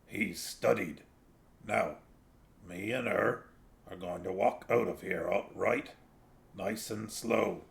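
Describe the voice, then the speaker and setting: A man voicing a scruffy, wheezing little male street dog who talks low and gruff. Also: takes it slowly, long pauses, full character voice. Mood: threatening.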